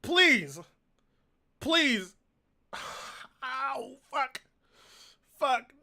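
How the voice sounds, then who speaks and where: A man's voice: very high voice, big pitch swings, very slow, pushed and bright. A man streaming live, reading donations aloud, swearing and groaning in pain in a whiny, exasperated way. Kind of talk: casual live-stream chat.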